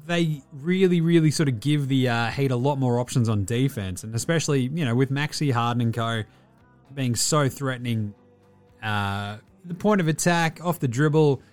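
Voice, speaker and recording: A man hosting a casual sports talk show, swearing freely and talking in a loose, animated way. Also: medium pitch. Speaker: podcast host.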